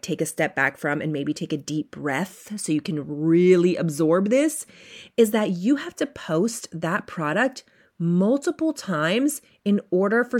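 A woman hosting a solo podcast, coaching retail owners in a chatty, upbeat way and acting out her listeners' inner voices. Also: medium pitch.

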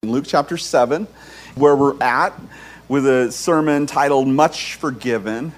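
A man's voice: medium pitch, normal speed. A man in his forties, a pastor, preaching a sermon and telling stories with humor. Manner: storytelling with humor, lively.

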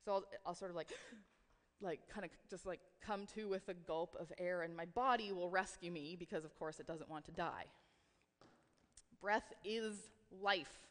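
A woman's voice: on the low side, moderate pace. A woman giving a sermon, talking in an earnest, reflective way with casual filler words. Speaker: preacher. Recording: long reverb of a hall.

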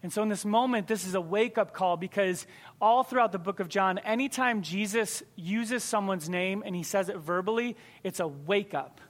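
A man's voice: high-pitched, moderate pace. A man preaching a sermon to his congregation in a conversational, emphatic way.

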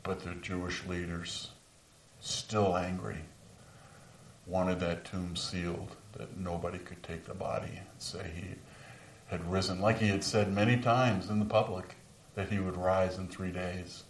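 A man's voice: sits low, level tone, measured pace, a little hiss or hum. A man performing a first-person dramatic monologue as the apostle Peter, remorseful over his denial, speaking earnestly in a large room and dropping to whispers at moments of grief. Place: large room with a live audience. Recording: roomy sound from a distant mic.

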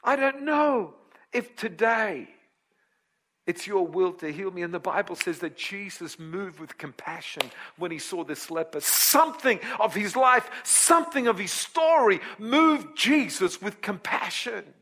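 A high, bright male voice preaching with animated storytelling. He acts out the voices of the people in the story, then drops low and quiet to explain the scripture. The tone stays bright and forceful. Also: a little slow, creaky. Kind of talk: sermon.

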